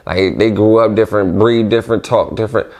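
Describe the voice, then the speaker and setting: Low gravelly-voiced young D.C.-man. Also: steady tone, brisk, darkish tone. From Washington D.C. area. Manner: loose, rambling, heavy on slang. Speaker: vlogger. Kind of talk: casual monologue.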